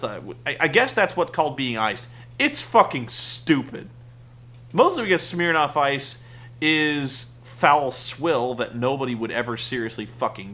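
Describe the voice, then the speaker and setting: A young man rambles through a wrestling recap in a bright, fairly high voice. His pitch swings widely as he acts out the lines he quotes, with a sarcastic, rambling edge. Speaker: wrestling podcast host. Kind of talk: casual review podcast.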